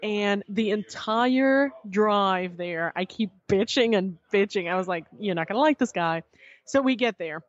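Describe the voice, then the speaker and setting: A woman guest on a podcast, telling a story in casual chat, animated and swearing freely as she acts out what others said. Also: medium pitch, measured pace, highs cut off.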